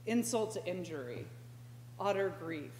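A woman preaching a conversational sermon as a pastoral intern, slow and reflective, with sudden animated outbursts. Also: on the low side. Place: church sanctuary. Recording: echoey church hall with faint hum.

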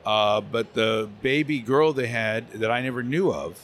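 A man's voice: medium pitch, measured pace, a little hiss or hum. A man who works as a voice actor, telling stories animatedly in an interview at a convention center and slipping into character voices. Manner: lively, slips into character voices. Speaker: voice actor guest.

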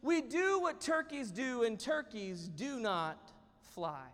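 A man's voice: extremely high pitch, sing-song, normal speed, vocal fry, voice pushed up, full character voice. A man voicing a stubborn young male turkey who scolds his brother in an insistent, repetitive way, in a church hall with reverb. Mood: scolding.

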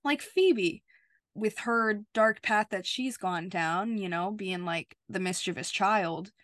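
A woman's voice: mid-range voice, takes it slowly, fairly bright tone, no room sound, clean studio sound. A woman co-hosting a podcast, recapping a TV episode in heartfelt, gushing chat with many fillers. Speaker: podcast co-host.

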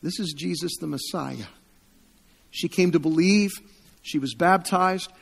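A man preaching a sermon, retelling a story with quoted voices, rising louder at emotional peaks and dropping to hushed tones. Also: on the high side, measured pace, gravelly, slightly rough, in a large hall.

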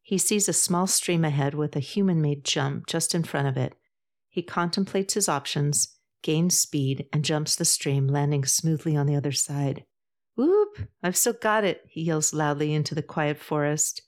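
A woman narrating a novel in a measured, even storytelling voice. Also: low voice. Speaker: audiobook narrator. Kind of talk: scripted narration.

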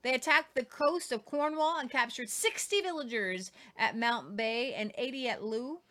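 Female host, casual history talk, higher voice, reads quotes with offhand asides. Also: moderate pace, fairly bright tone. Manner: chatty, stumbling over names, jokey asides.

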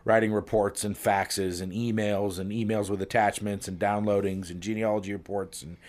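Low-voiced man telling jokes. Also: flat delivery, moderate pace, a little mellow. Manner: playful, jumps pitch for quoted characters. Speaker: podcast co-host telling jokes. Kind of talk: casual joke telling.

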